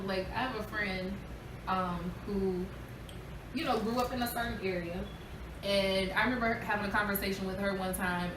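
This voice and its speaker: A woman speaking earnestly and firmly as a co-host in a casual group chat. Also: mid-range voice. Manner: earnest, firm. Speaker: podcast co-host. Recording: echoey room, distant mic, clear hiss.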